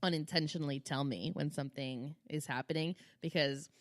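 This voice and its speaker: A woman's voice: low-pitched, steady tone, a little fast, no room sound, clean studio sound. A woman co-hosting a podcast, chatting in a laid-back way, backing up her friend and swearing casually. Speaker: podcast co-host. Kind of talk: casual chat.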